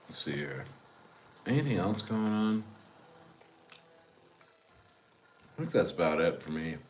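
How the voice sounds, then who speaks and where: Slow-talking man rambling on a stream. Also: low-pitched, very animated, a little hiss or hum. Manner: rambling, repeats himself, addresses viewers as guys. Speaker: crypto streamer. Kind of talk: casual livestream commentary.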